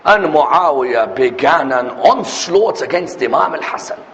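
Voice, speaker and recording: A man's voice: on the high side, expressive, measured pace, fairly bright tone. A man preaching a sermon with passion, asking rhetorical questions and building to emphatic peaks. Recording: echoey hall, muffled lo-fi sound, faint noise.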